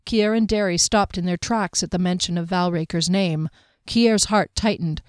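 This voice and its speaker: Woman narrator for a fantasy novel, measured and expressive, dry close studio sound. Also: fairly low pitch, dry recording. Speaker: audiobook narrator.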